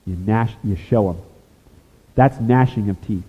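A pastor preaching a sermon, earnest, rising to emphatic points and dropping to a hushed, confessional tone. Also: male voice, lowish voice, measured pace, breathy edge. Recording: echoey hall over a tinny phone-like line.

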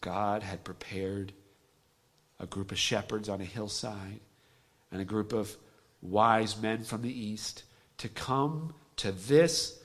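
A man preaching a sermon, dropping to a hushed near-whisper and then rising to loud, emphatic peaks. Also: on the low side.

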